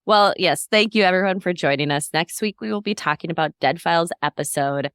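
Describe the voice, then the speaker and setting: A woman co-hosting a casual podcast, recapping a TV episode in a relaxed, blunt way. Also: lowish voice, brisk, smooth, no echo, studio quality. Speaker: podcast co-host.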